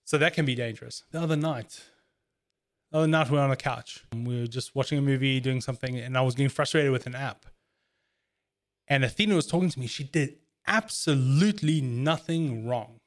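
This is a man in casual conversation who talks in an earnest, reflective manner. He tells his stories at an even, everyday pitch and thinks them through aloud as he goes. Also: brisk. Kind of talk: casual chat.

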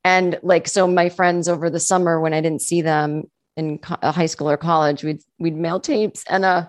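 A woman comedian with a faint Boston accent tinged with California, talking casually and self-deprecatingly as an interview guest, with animated asides. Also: low voice, moderate pace, no echo, studio quality. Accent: faint Boston with California touches. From Boston area, USA.

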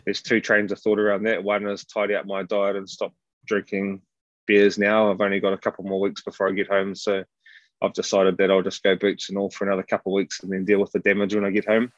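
Relaxed New Zealand man, fairly low voice, dull dry lo-fi sound. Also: dry recording. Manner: easygoing, says "mate" often, halting fillers. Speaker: guest rugby player. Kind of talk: casual interview chat.

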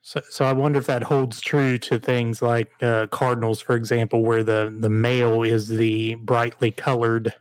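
A man's voice: medium pitch, level tone, moderate pace, few pauses, no echo, rough recording. A man co-hosting a podcast in casual chat, dropping wry asides and questions. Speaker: podcast co-host.

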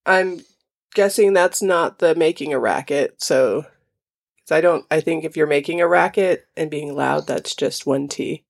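A woman with a slightly low voice chats loosely during a word-guessing game. She thinks out loud, tosses out guesses and laughs at herself. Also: unhurried, creaky. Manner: chatty, laughing, thinks aloud while guessing. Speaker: quiz player. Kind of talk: casual chat.

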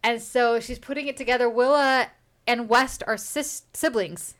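A woman's voice: fairly high pitch, fairly even intonation, moderate pace, a bit bright. A woman hosting a book podcast, casually recapping a chapter in a chatty, filler-heavy way. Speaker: book discussion podcast host.

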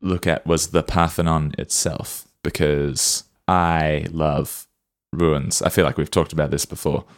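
Very deep-voiced man, playful podcast chat. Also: level tone, measured pace, few pauses. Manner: playful, jokey asides. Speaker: podcast co-host. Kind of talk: casual chat.

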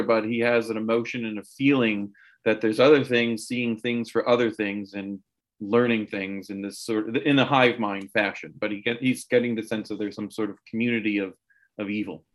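A man's voice: lowish voice, a bit bright. A man playing a tabletop game, chatting casually and searching for words with many fillers. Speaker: player. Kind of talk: casual chat.

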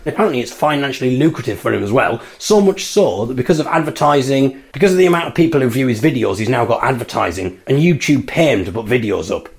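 A man's voice: mid-range voice, gravelly, darkish tone. Chatty man in his thirties. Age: 30s. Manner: chatty, amused anecdotal storytelling. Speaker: podcast host. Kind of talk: solo casual monologue. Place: bathroom at home.

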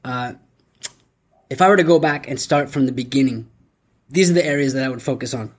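A man hosting his own podcast, talking solo in an upbeat, energetic way and often tagging lines with "right?". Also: medium pitch, fairly quick. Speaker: podcast host. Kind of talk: solo motivational podcast talk.

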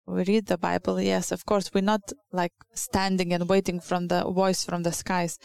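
Woman preaching, slow and gravelly, dry close sound, earnest and halting. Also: mid-range voice, warm tone, dry recording. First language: Lithuanian. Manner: earnest, halting, searching for English words. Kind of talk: sermon.

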